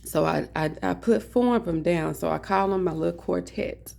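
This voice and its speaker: This woman vlogger shares a humorous story from her indoor office, relaxed and lively, addressing viewers as "honey." She speaks at a moderate pace in a lower voice with vocal fry.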